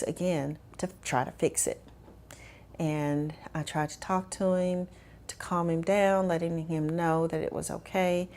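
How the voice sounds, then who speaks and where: A woman telling her own story in a measured, reflective way with frequent fillers. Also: deep voice, a little mellow. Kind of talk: personal testimony.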